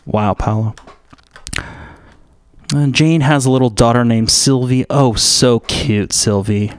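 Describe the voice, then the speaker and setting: A man's voice: medium pitch, measured pace, smooth, no room sound, clean studio sound. A man hosting a radio show, rambling through a profane comic monologue full of "uh". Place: radio studio.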